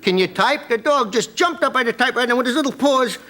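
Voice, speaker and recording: A middle-aged man, a comedian guest, telling jokes on a TV talk show with an animated storyteller's timing. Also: extremely high pitch, fast. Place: TV studio before an audience.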